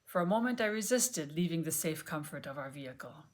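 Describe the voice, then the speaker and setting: Gentle, low-voiced woman reading an audiobook. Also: lively intonation. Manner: gentle, measured reading that drops to a near whisper. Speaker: audiobook reader. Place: home, on a sofa.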